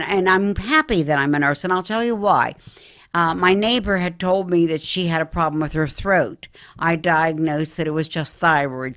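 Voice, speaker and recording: Woman, middle-aged, low voice, earnest storyteller, interview guest. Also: a bit bright. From Philadelphia, Pennsylvania area. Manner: earnest, storytelling, addresses listener as honey. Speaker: psychic medium guest. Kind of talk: interview talk.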